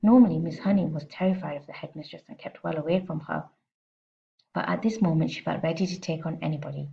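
A woman teacher reading a children's storybook aloud with expressive, steady narration, heard on a slightly muffled lo-fi recording. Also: deep voice, quick pace, creaky.

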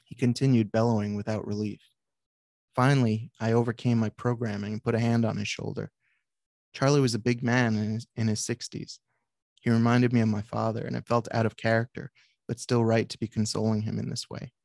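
A psychiatrist reading aloud from his own book in a measured way, with brief asides to the audience. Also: lowish voice, flat delivery, gravelly, a little mellow, no room sound, clean studio sound. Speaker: author and psychiatrist.

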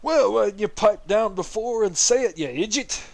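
A man's voice: sits high, animated, normal speed, gravelly, no room sound, voice pushed up. A man voicing a very old, senile male turtle mayor in a video game, grumbling and snappish. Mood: cranky.

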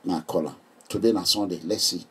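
A man's voice: sits low, fairly quick, breathy edge. A middle-aged Nigerian man chatting casually and joking with his viewers. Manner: animated, joking, laughs often. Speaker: vlogger. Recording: voice distant from the mic.

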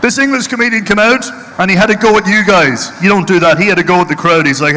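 A middle-aged Irish comedian telling punchy, mocking stories on stage. His voice sits a bit high and sounds bright and sharp, with a long hall reverb around it. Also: fast talker, few pauses. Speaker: stand-up comedian. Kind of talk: live stand-up comedy. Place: stage at a charity event hall.

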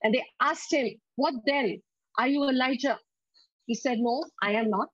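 A woman delivers a sermon in a slightly high voice, dwelling on each scripture line with slow emphasis. She leads the congregation in call-and-response. The sound is dry and a little dull. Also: breathy edge, no echo. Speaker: preacher.

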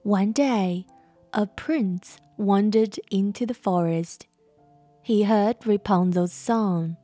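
A woman narrating a fairytale as a gentle bedtime story with very slow, gentle pacing. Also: medium pitch, dry recording. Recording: soft background music.

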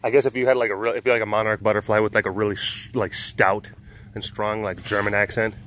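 A man who works with big cats, chatting and joking as he walks outdoors around a sanctuary, cooing softly at the animals. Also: fairly low pitch, flat delivery, quick pace, a little hiss or hum. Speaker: big cat keeper at a wildlife facility. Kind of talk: casual walking vlog. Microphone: handheld phone.

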